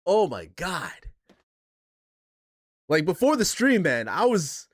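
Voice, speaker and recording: A man's voice: high-pitched, wildly swooping pitch, slow, long pauses, no room sound, clean studio sound. A man hosting a casual live stream, rambling emotionally, swearing and reading chat aloud from his chair. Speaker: streamer host. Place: home stream setup in a chair.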